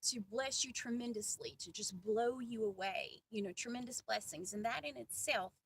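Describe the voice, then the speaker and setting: A woman's voice: fairly high pitch, creaky, a bit bright. A woman from the American South, giving a casual, chatty devotional talk full of asides and self-deprecating jokes. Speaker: faith vlogger. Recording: distant mic with faint ambient noise.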